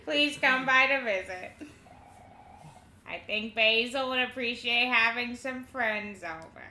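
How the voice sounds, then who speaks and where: A woman voicing a gentle elderly woman who speaks softly and politely, recorded in an echoey room. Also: on the high side, takes it slowly, a little hiss or hum, heavily acted.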